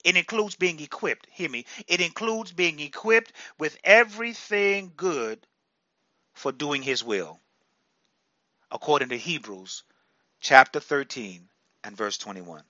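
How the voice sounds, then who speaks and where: Guy preaching a sermon real slow and punchy, bright edge, kinda dull dry sound. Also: on the high side, no room sound. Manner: emphatic, repeats phrases, slow deliberate delivery with sudden loud bursts.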